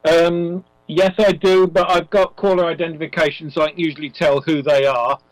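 A man chats on the radio as the host's longtime associate, starting with ums and speaking wryly. His voice is somewhat higher than average. The line sounds dry and close. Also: little pitch movement, normal speed, dry recording, poor audio. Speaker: regular co-host. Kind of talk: casual radio chat over the internet.

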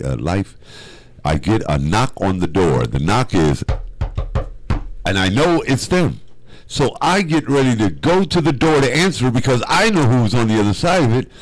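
A man with a very low voice swings it up and down in lively fashion as he hosts a radio show. He spins stories casually, teasing his co-host and slipping into comic voices. The studio sound is dry and close. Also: no room sound, rough recording. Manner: animated storyteller, teasing, slips into funny voices. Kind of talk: casual studio chat and storytelling.

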